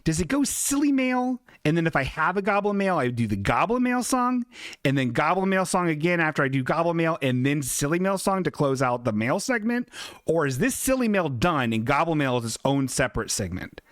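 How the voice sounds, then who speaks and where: A man's voice: a little high, very animated, a little fast, a bit bright, no room sound, studio quality. A man hosting a comedic live-stream show who talks in a rambling, flustered, jokey way. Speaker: host.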